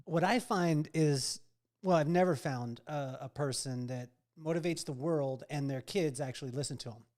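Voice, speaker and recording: A man's voice: on the high side, normal speed, a little mellow. A man hosting a podcast, asking long, winding interview questions with restarts. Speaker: podcast host.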